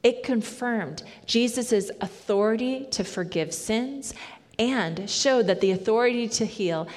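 Slow, measured woman preaching in a hall. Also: medium pitch, a little mellow. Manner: slow, measured, reflective delivery with pauses. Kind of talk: sermon. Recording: long hall reverb.

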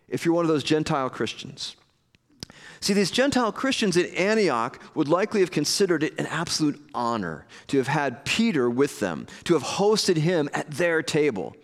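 A male pastor delivers a sermon in a relaxed, conversational manner, slipping into little acted-out scenes and joking asides. His voice sits a bit high for a man. The sound carries a long reverb from a large church hall. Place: church hall with live audience.

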